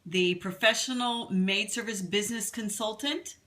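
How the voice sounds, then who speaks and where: Bright, chatty Texan woman live-streaming. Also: medium pitch, normal speed, a little hiss or hum. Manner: chatty and upbeat, stumbling over names. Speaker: business coach hosting a live broadcast. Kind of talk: live-stream chat greeting viewers.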